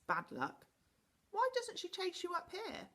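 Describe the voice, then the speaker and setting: A woman reading aloud and voicing a brisk, bossy magical man who gives orders to a child. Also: very high voice, huge pitch swings, pushed and bright, pitched above the performer's own voice, exaggerated voice. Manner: bossy and commanding. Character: brisk, impatient magical man with a round face.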